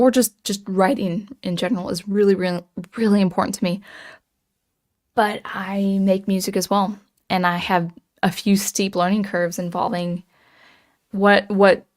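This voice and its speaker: Rambling, musing woman streamer. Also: medium pitch. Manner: musing and hesitant, many ums and restarts. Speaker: livestream host reading chat comments. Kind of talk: casual livestream chat.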